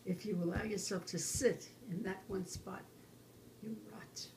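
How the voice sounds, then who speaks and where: A woman's voice: medium pitch, measured pace, gravelly, slight background noise, poor audio. A woman in her nineties, a grandmother talking to her grandson about her life in an earnest, storytelling way. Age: 90s. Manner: animated, acts out remembered quarrels in a raised voice; earnest, drops to a quiet hush on life lessons. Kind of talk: reflective personal storytelling.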